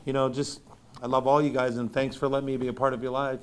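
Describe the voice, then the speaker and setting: A man's voice: medium pitch, little pitch movement, fast talker, a little hiss or hum. A man who co-founded a grief support group tells the group how it started, joking and acting out both sides of a conversation. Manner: warm, joking, acts out both sides of dialogue. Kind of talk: casual storytelling to a group.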